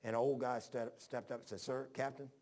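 A man's voice: mid-range voice, flat delivery, fast talker, a little mellow. A man preaching a sermon in a homespun, rambling way, telling personal stories, often restarting his sentences and reading scripture in old-fashioned wording.

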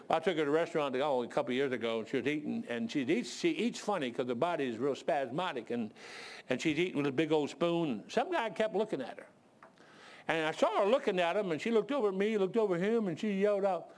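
A man preaching a sermon and telling animated stories, sometimes out of breath. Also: a little high, brisk. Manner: animated storytelling, shouts voices of others.

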